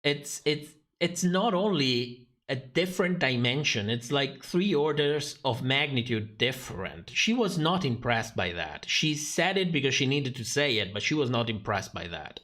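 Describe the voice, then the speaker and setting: A man's voice: medium pitch, very animated, normal speed, fairly bright tone. Sarcastic man ranting on a livestream. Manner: laughs mid-sentence. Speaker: drag show commentator. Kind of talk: livestream commentary.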